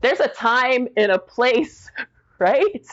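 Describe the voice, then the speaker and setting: A woman's voice: fairly high pitch, animated, slow pace, lo-fi sound. A middle-aged woman guest telling a personal story with strong feeling. She talks casually, full of fillers, and acts out the quoted dialogue. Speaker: podcast guest.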